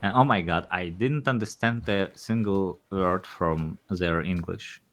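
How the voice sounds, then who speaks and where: A man co-commentating a strategy game in a casual, halting way, with lots of pauses and restarts. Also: deep voice, fairly bright tone. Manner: halting, many fillers and restarts. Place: Ukraine.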